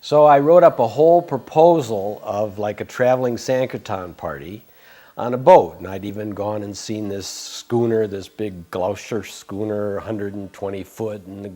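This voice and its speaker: A man's voice: fairly low pitch, normal speed, mellow. Older man reminiscing, rambling and chuckling. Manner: rambling storyteller with fillers and chuckles. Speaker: devotee sharing memories. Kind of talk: casual reminiscing interview.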